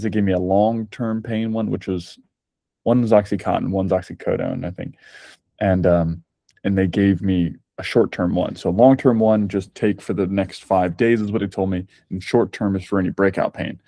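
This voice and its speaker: A man's voice: sits low, steady tone, moderate pace, gravelly, mellow, no echo. Chatty man, dry sound. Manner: candid, chatty storytelling. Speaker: podcast guest. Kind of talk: casual conversation.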